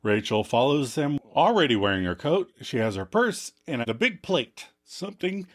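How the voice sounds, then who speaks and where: A man's voice: mid-range voice, very animated, normal speed. A man co-hosting a podcast, narrating the scene and acting out the quotes in casual recap chat. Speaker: podcast co-host.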